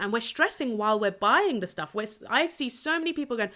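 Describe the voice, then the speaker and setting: A woman's voice: a little high, animated, fast, pushed and bright. A young woman hosting a solo coaching podcast, talking bluntly and energetically and swearing freely. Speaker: podcast host and purpose coach.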